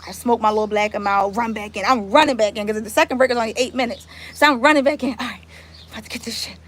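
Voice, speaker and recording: A woman, telling a story on a live stream in casual, animated talk and swearing freely. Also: on the high side, quick pace. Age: 30s. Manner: animated, swears freely, talks straight to viewers. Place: outdoors.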